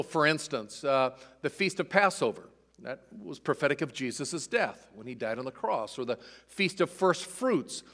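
A man's voice: on the high side, a bit bright. A man preaching an expository sermon in a conversational way, reading scripture aloud with dramatic emphasis. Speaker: pastor. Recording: long hall reverb.

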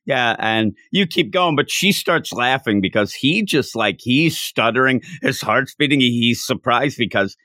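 A man chats casually as a podcast co-host, his pitch jumping around as he acts out lines. He laughs often. The sound is dry and close. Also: a little slow, hardly any pauses, no echo. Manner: animated, laughing, acts out quotes in voices. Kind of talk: casual chat.

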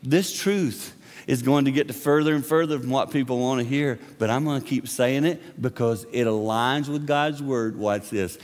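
A man preaching from the pulpit of a church, his voice carrying a long reverb through the hall. He is impassioned, swinging from booming lines down to hushed, close asides. His pitch sits at an ordinary middle register. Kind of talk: sermon. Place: church sanctuary.

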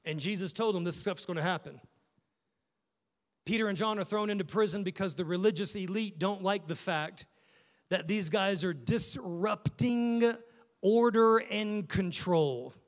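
A man with a notably high voice preaches a passionate sermon, rising to loud urging and dropping to hushed, prayerful tones. His voice rings out with a long reverb, as in a large hall. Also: measured pace. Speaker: pastor.

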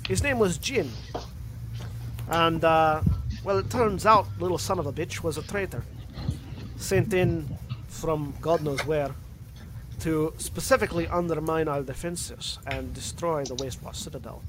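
A man's voice: fairly high pitch, a little slow, noisy background, close to an everyday voice. A man voicing a stern male dwarf blood hunter with a Scottish accent that slips toward Russian. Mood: grim. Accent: Scottish drifting into Russian.

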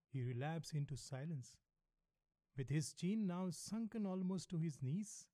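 A man reads a novel aloud in the first person, measured and matter-of-fact. His voice sits a little high but stays soft and mellow, and the recording is close and dry. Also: animated, dry recording. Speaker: audiobook narrator.

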